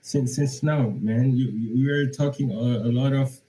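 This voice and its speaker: A man's voice: medium pitch, fairly even intonation, moderate pace, mellow, low-quality recording. A young man from Senegal with a Senegalese accent, calling in to argue, hesitant and full of fillers but insistent. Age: young adult. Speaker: caller. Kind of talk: call-in debate.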